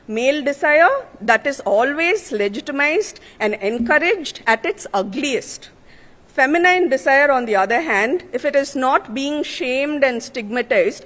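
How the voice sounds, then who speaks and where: A woman's voice: sits high, fairly bright tone. A woman, an author giving an earnest, emphatic speech at a literary conference. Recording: long reverb of a large hall.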